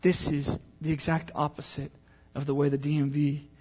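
A pastor preaching a sermon, mixing a casual, joking story with a softer, earnest appeal to the congregation. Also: male voice, fairly high pitch, completely flat delivery, brisk.

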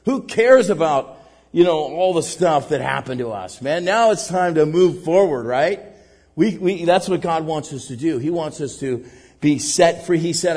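A male pastor preaching a sermon with animated energy. He acts out little scenes and keeps asking "right?" and saying "man.". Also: a little high, a little slow, big-room sound.

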